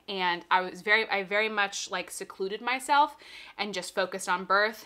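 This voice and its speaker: A woman's voice: medium pitch, moderate pace, sharp tone, clear, resonant tone. A young pregnant woman, a little out of breath, casually explaining and reassuring as she answers viewer questions.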